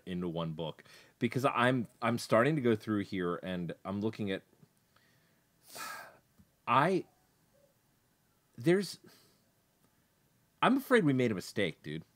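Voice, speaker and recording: A man's voice: lowish voice, very animated, normal speed, long pauses, no room sound. A man co-hosting a casual book discussion podcast, blunt and sarcastic in a laid-back way. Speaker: podcast co-host.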